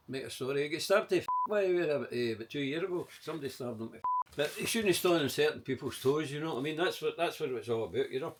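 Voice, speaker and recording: An older Scottish man with a broad Glaswegian accent talks casually and at length, swearing freely and drifting from one story to the next. His voice sits at an ordinary middle pitch, and he is recorded indoors at home. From Scotland. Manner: rambling, profane, chatty with many asides. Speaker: interviewee.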